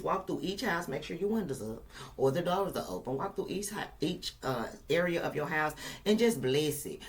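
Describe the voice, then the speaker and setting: A woman's voice: low-pitched, a little hiss or hum. A woman doing a casual tarot reading for her viewers, emphatic and profane, repeating lines for effect and laughing now and then. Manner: emphatic, repetitive, profane and playful. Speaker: tarot reader.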